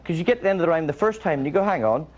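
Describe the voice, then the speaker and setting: A man's voice: fairly high pitch, lively intonation, racing, highs cut off. A man doing observational stand-up on a television studio stage, dry and rambling, acting out small everyday scenes. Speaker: stand-up comedian. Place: television studio stage before a live audience. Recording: noisy broadcast audio with loud audience laughter.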